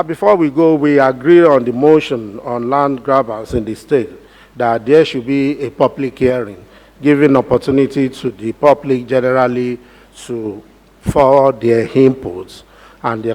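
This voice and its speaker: A man with a Nigerian accent presiding over a legislative session, putting questions and reading bills in a formal, measured cadence. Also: mid-range voice, a little mellow, low-quality recording. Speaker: presiding officer of a legislative assembly. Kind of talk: formal parliamentary chairing. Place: legislative chamber.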